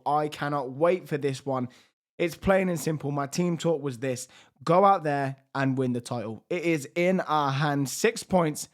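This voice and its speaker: Excitable man with a strained voice. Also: a little high. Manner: lively, shifts between hushed and excited. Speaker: gaming YouTuber. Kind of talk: excited game commentary.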